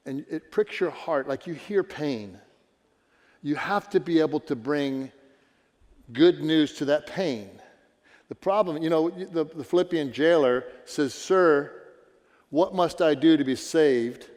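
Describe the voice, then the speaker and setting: Pastor guy preaching in a church, kinda high voice, big echoey hall, earnest and chatty. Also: a little mellow. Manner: earnest, conversational preaching with rhetorical questions. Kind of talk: sermon. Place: church sanctuary.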